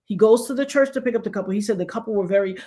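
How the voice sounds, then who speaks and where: A woman hosting a casual chat, telling stories in an animated way and acting out the people she quotes. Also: medium pitch, very fast. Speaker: show host.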